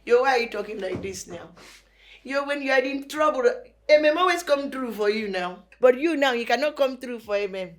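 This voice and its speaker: A weary Nigerian trader. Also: female voice, high-pitched, animated, a little fast. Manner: complaining, weary, sighing. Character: stressed woman trader in debt.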